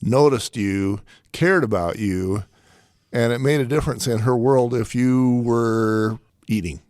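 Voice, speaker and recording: A man hosting an interview, listening attentively and asking gentle, affirming questions. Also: medium pitch, measured pace, no room sound. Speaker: podcast host. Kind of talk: interview conversation.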